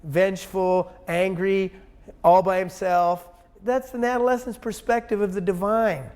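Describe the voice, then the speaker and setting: Man, high pitch, interview guest; blunt, profane, emphatic, rambling. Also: steady tone, unhurried, a little mellow, clear, resonant tone. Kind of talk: casual conversational interview.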